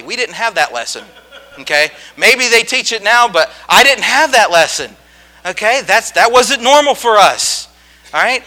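A man preaching a sermon, telling a childhood story in a folksy, animated way and often checking in with his listeners. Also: high voice, normal speed. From rural farm upbringing.

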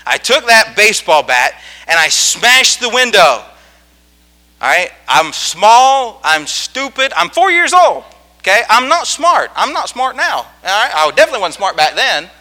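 A man preaching a sermon, telling a childhood story in a folksy, animated way and often checking in with his listeners. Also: high voice, moderate pace. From rural farm upbringing.

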